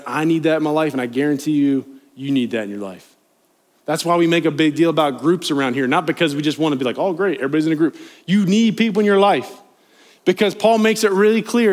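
A young man preaching to a live congregation in a church sanctuary, his voice sitting a little high for a man. He talks in an earnest, conversational way, leaning into pleading emphasis as he urges his listeners on. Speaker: youth pastor. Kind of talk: sermon.

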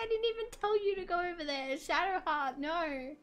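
A woman streaming a game, giving live commentary, frustrated and swearing constantly as she yells orders at the characters. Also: very high voice, expressive, normal speed, few pauses.

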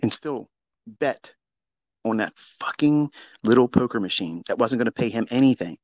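A man telling a story in a casual monologue, profane and mocking, with sudden loud outbursts. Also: medium pitch, animated, normal speed, no room sound. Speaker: trading educator on a live audio space.

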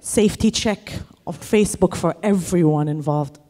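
A woman performing a stand-up comedy set on stage, telling an animated story and shouting the lines she acts out. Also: on the low side, normal speed. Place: comedy stage before a live audience.

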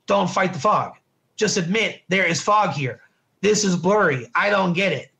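A man's voice: high-pitched, normal speed, creaky, pushed and bright. A middle-aged man teaching a lesson in a casual, conversational way, often checking in with his listeners. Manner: conversational, repetitive, asks "right?" often. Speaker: Torah teacher. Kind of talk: informal classroom lesson.

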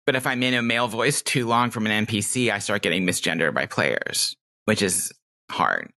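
Candid woman with a nasal, lively voice. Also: extremely low pitch, moderate pace, creaky. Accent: self-made nasal Californian-Midwestern. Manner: candid, animated, reflective. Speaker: guest, game designer. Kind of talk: podcast interview conversation.

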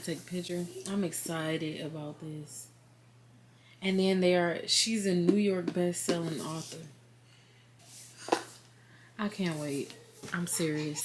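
A woman talks in a chatty, heartfelt way, sitting on her bed as she vlogs from home. She tells stories in a casual, friendly way and acts out bits of conversation. A faint hiss sits under the recording. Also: on the low side. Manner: chatty and heartfelt, retelling with quoted dialogue. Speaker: vlogger, work-from-home mom. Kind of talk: casual faith vlog chat.

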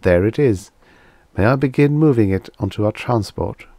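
A man voicing a calm, polite alien envoy who speaks softly with a lisp, in a formal, measured way. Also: fairly low pitch, no room sound, voice pushed up. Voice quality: soft lisp.

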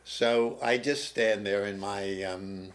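An older man with a fairly low voice tells a personal story in a TV studio interview. He speaks slowly and reflectively, pausing and restarting as he remembers. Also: fairly even intonation. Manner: slow, halting, with pauses and restarts. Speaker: interview guest, former prison teacher.

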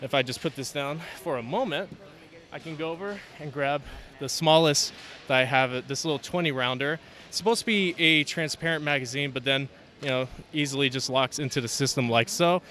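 A man casually showing off his handmade models at a convention, talking as he demonstrates with a relaxed manner and many fillers. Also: medium pitch, brisk. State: out of breath. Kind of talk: casual show-and-tell. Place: convention hall, indoors.

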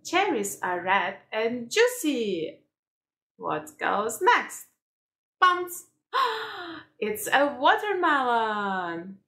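A woman teaching toddlers in a slow, exaggerated sing-song manner, repeating words. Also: on the high side, very animated, fairly bright tone. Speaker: children's teacher. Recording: roomy echo.

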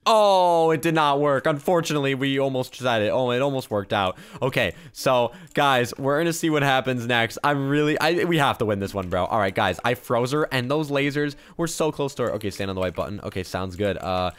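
A young man giving excited gameplay commentary, quick to yell and laugh, with loudness that swings fast. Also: medium pitch, clear, resonant tone. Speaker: gaming YouTuber.

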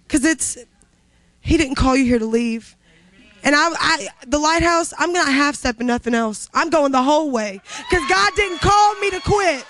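A woman's voice: sits high, fairly bright tone, no room sound. A woman graduating from a recovery program giving a grateful, heartfelt testimony to staff and residents. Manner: grateful, heartfelt, rising to fervent.

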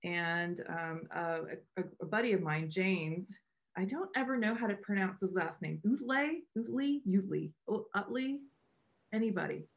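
A woman's voice: on the low side, moderate pace. A woman co-founder hosting a meetup on a video call, chatting in a loose, rambling way with many restarts. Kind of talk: casual welcome remarks on a video call.

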